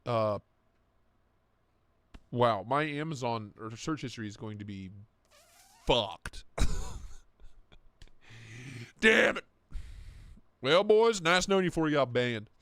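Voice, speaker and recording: A man's voice: mid-range voice, lively intonation, slow, long pauses, fairly bright tone, no room sound. A man hosting a casual livestream, joking crudely, laughing a lot and reading out donations. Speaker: livestream host.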